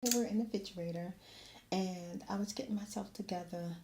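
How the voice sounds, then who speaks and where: A middle-aged woman tells a story in a soft-spoken ASMR chat and often drops into whispers. Her voice is mellow, and a roomy echo with faint ambient noise sits behind it. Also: medium pitch, a little fast. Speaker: ASMR creator.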